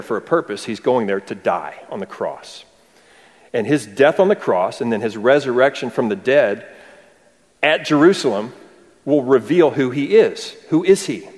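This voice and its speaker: A man's voice: medium pitch, darkish tone. A man preaching an expository sermon, asking rhetorical questions and adding dry humor. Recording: long hall reverb.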